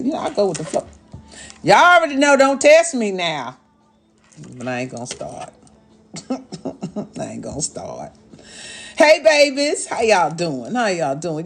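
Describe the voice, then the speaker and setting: Sassy motherly woman with a lively voice. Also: fairly low pitch, slightly rough. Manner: sassy, motherly, calls viewers "babies" and "y'all", scolds and teases; talks as an elder mama persona. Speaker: livestream host and astrologer. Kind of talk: casual live-stream chat to viewers.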